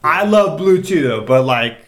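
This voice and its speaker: A man jumps in on a relaxed chat with quick jokes and nudges the story along. His voice is slightly high, with lively ups and downs. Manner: reactive, joking interjections. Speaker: podcast co-host. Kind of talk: casual chat.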